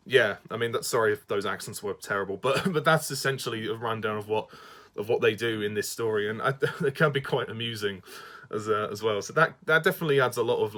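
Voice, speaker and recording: A man's voice: medium pitch, fairly bright tone. A man with a Southern English accent giving a casual spoken review, hesitant, often restarting sentences and laughing between them.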